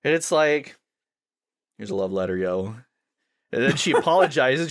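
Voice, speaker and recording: A man co-hosting a podcast in casual chat, enthusiastic and quick to act out lines he quotes. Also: medium pitch, lively intonation, dry recording, clean studio sound. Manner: enthusiastic, acts out quotes in shifting voices. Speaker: podcast co-host.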